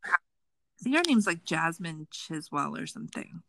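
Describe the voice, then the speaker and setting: A woman's voice: deep voice, measured pace, creaky, slight background noise, low-quality recording. A woman hosting a casual true crime podcast, sarcastic and swearing freely. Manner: animated, sarcastic, swears a lot. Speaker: podcast host.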